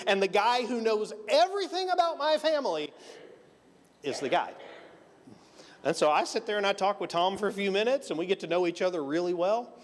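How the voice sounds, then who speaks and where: Preaching a conversational sermon in a church sanctuary, this middle-aged Texan pastor tells a personal story, playing out the dialogue with self-deprecating humor. He sits high in pitch and sounds very animated, talking a little fast with frequent pauses. The recording has church hall reverb and a slight hiss or hum.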